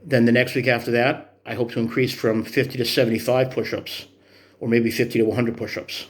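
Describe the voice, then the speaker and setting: A man's voice: mid-range voice, little pitch movement, fairly quick. Earnest encouraging man in his fifties. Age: 50s. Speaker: vlogger. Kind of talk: motivational fitness vlog.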